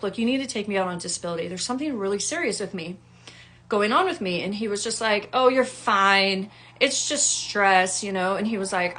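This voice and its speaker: A woman and wellness coach telling her own story in a casual, animated way, acting out the people she quotes with big jumps in her voice. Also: mid-range voice. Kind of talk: personal storytelling to camera.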